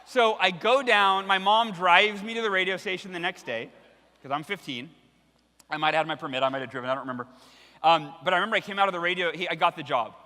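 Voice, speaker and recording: A man in his thirties giving a storytelling keynote speech, animated and acting out the voices in his anecdotes. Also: high-pitched, fast talker. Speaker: keynote speaker. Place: large hall with a live audience. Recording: long hall reverb from the stage.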